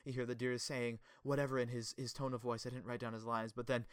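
A young man chatting casually about a kids' show episode, animated and laughing often. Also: medium pitch, fast, smooth, no echo, studio quality. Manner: animated, laughs often, acts out quoted lines. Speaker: podcast co-host.

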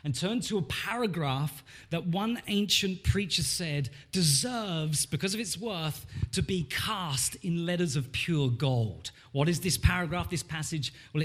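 Pastor guy giving a sermon in church, bit higher voice, gets fired up on the verses. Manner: animated preaching, rising for emphasis on scripture.

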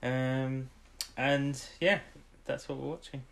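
A man co-hosting a casual podcast at an ordinary middle pitch. He rambles through a story recap with plenty of ums, now and then popping up into quick acted lines for the characters. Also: fairly even intonation, vocal fry. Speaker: podcast co-host. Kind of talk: casual chat.

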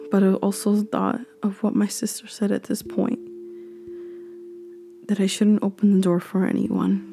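A woman reading a horror story aloud, slow and hushed, sometimes dropping to a whisper. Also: mid-range voice, gravelly.

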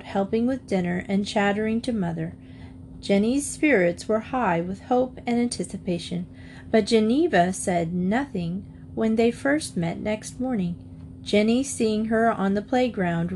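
A woman narrating a children's storybook in a steady, expressive voice. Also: medium pitch, unhurried, a little hiss or hum. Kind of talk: storybook reading.

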